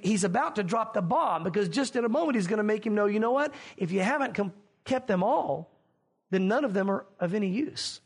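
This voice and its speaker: A man's voice: very high-pitched, slightly rough. A man preaching a sermon as pastor, earnest and questioning, addressing his congregation directly.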